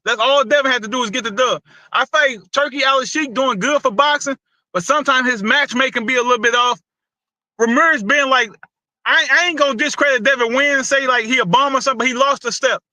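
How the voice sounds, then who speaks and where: A man's voice: extremely high pitch, brisk, bright, forceful tone, dry recording, poor audio. A man hosting a casual boxing talk show, loose and opinionated, with a lot of slang and repeated words. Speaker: boxing podcast host.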